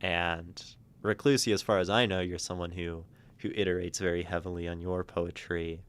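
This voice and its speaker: A man hosting a livestream, chatting casually and thoughtfully with many halting restarts. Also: deep voice, flat delivery, clean tone. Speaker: livestream host reading community poetry.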